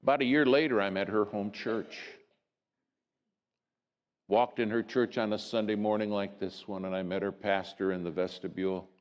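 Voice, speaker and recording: A man preaching a sermon, telling a personal story in a folksy, dramatic way that swings from soft hushes to lively rises. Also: lowish voice, moderate pace, muffled recording. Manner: folksy and conversational.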